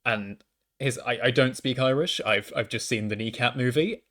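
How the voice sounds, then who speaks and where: A young adult university student tells a casual storytime monologue into a microphone at home, often stammering, restarting, and making fun of himself. His medium-pitched voice moves fairly quickly and sounds pushed and bright.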